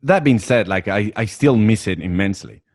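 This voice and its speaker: A man with a low-pitched voice hosts a podcast in an easy, casual chat. He sounds enthusiastic and laughs often, and the audio is dry and close. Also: animated, a little fast, a little mellow, dry recording. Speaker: podcast host.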